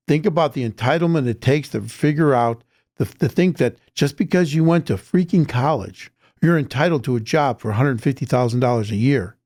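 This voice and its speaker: A man's voice: mid-range voice, a little mellow, dry recording, clean studio sound. A man gives a blunt, emphatic opinion monologue to camera. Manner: blunt, emphatic, mocking quoted voices. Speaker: social media commentator.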